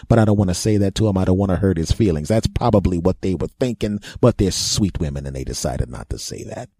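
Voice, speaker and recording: A man's voice: low voice, animated, fast talker, few pauses, warm tone, breathy edge, no room sound. A man hosting a podcast, telling a funny story in a self-mocking monologue and laughing at his own jokes. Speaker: podcast host.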